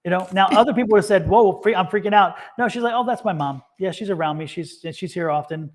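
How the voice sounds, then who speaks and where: A man's voice: sits high, fairly even intonation, fast. Chatty man hosting a tarot stream. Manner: chatty, repeats words, laughs often. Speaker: tarot reader and co-host. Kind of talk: casual livestream chat.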